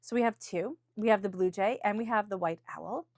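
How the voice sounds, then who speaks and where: With a medium-pitched, slightly mellow voice, this woman reads tarot cards for the week ahead at a fairly quick pace, recorded dry with clean studio sound. Her delivery is unscripted, sincere and supportive, with frequent restarts and occasional appeals to angels and spirit guides.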